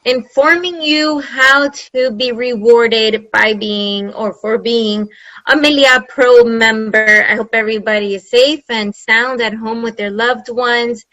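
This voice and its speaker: A woman's voice: a little high, pushed and bright, no room sound, rough recording. A woman hosting an online webinar from home over a video-call mic, effusive and enthusiastic, repeating phrases for emphasis. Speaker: webinar host. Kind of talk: presenting a webinar.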